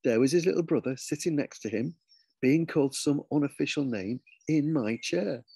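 A man, an author, reading his children's story aloud with lively, expressive storytelling. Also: fairly high pitch, moderate pace, husky, no echo.

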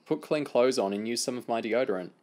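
A man's voice: mid-range voice, fast talker, darkish tone, close to an everyday voice. A man doing a smug teasing girl.

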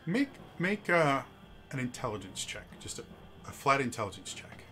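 A man narrating as game master of a tabletop game, with halting, stuttering restarts. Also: mid-range voice, expressive.

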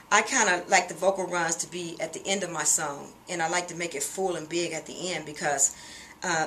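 A middle-aged woman giving a relaxed, conversational singing lesson, explaining vocal runs with a few fillers. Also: on the low side, slight background noise. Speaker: singing teacher. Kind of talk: vocal lesson with sung demonstrations.

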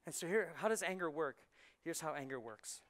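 A man preaching a conversational sermon as pastor, swinging from soft asides to loud punchlines. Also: fairly high pitch, expressive, fairly quick, a little hiss or hum. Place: church sanctuary.

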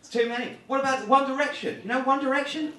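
A man's voice: very high-pitched, fast, fairly bright tone, a little hiss or hum. An English man doing a live stand-up comedy set, brash and mocking, bantering with the crowd. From England. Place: comedy show room. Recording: echoey room from far off, crowd laughter.

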